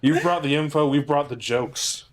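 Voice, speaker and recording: A man's voice: fairly high pitch, steady tone, normal speed. A man co-hosting a casual comedy podcast, joking, laughing often and slipping into silly voices. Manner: jokey, laughs a lot, slips into silly voices. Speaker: podcast co-host.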